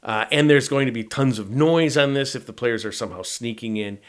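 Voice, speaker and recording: A man's voice: mid-range voice, fairly quick. Middle-aged man rambling through a game module. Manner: rambling, conversational, with frequent "right?" tags. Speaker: tabletop game master and YouTube host. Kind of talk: casual explanatory walkthrough.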